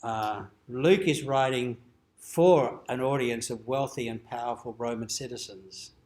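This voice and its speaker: A man's voice: mid-range voice, unhurried, darkish tone. A man, a dean, giving an informal teaching lecture at a cathedral forum, explaining in a conversational way and lifting his voice for quoted lines. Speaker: dean presenting an adult education forum.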